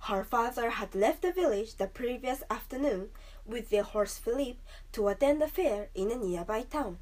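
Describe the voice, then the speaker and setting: A woman narrates a storybook aloud in a measured, expressive way. Her voice sits fairly high for a woman. She reads clearly and steadily.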